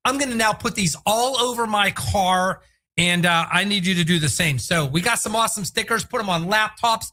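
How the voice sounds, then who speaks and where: A man with a high, bright voice hosting a solo real estate show. He talks in an energetic, hard-selling way that swings between quick pushes and drawn-out emphasis. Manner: energetic, salesy, breaks into shouted impressions. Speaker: podcast host, real estate agent.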